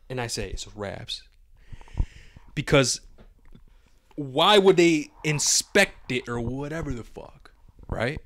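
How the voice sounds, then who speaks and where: A man co-hosting a podcast, telling a long story in casual chat, animated and profane, acting out his own reactions. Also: medium pitch. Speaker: podcast co-host.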